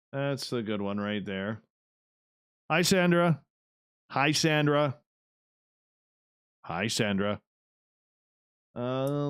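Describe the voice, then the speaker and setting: A man's voice: on the low side, clear, resonant tone, dry recording, clean studio sound. A man hosting an online radio show, chatting loosely with viewers and talking to himself as he works. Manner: loose, rambling, talks to himself while working. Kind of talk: casual chat reading live viewer comments.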